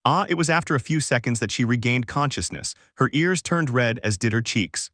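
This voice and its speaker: A man narrating a fanfic story in a steady, even reading voice. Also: medium pitch, brisk, no echo, clean studio sound.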